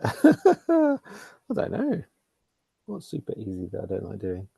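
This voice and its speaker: A man's voice: fairly low pitch, wildly swooping pitch, slow pace, gravelly, mellow, slightly rough, no echo. A man taking part in an online workshop on a video call, hesitant and chatty, laughing at himself as he thinks aloud. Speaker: workshop participant. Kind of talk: casual chat.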